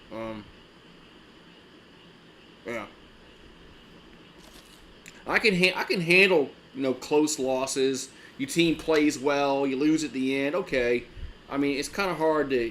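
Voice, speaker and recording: A man with a medium-pitched voice hosts a live sports fan stream, and there's a slight hiss or hum in the audio. He rambles loosely, restarts his sentences a lot, and swears frequently.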